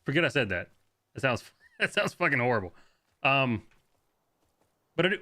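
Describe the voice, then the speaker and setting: A young man streaming a shooter game, talking fast and loose as he plays, swearing, laughing and answering chat. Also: medium pitch, big pitch swings, pushed and bright. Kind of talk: live gameplay commentary.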